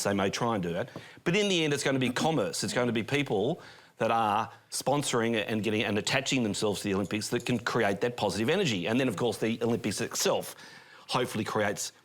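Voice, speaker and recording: A man's voice: on the low side, fairly bright tone. An older man speaking as a panelist, rambling earnestly through a list of points. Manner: rambling, earnest, listing things. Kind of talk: opinionated panel discussion. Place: TV studio.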